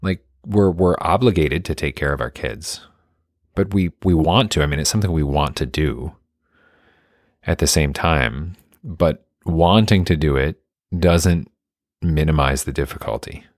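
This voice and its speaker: A man's voice: extremely low pitch, measured pace, no room sound, clean studio sound. A man and parent talking things through in casual conversation, thoughtful and earnest, searching for the right words.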